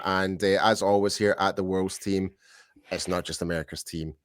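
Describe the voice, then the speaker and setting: A man from the UK with a low voice chats through a sports podcast, looping back and restarting his sentences as he goes. The recording sounds dry and close. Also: moderate pace, fairly bright tone, dry recording. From United Kingdom. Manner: rambling, many restarts and fillers. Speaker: podcast co-host. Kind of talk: casual sports podcast chat.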